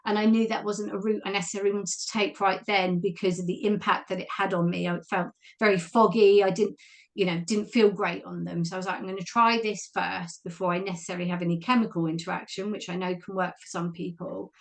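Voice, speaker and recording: A woman's voice: mid-range voice, flat delivery, a little fast. A woman, a guest speaking openly and reflectively about her own life, often laughing. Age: 40s. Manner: open, reflective, laughs easily. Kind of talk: candid personal conversation.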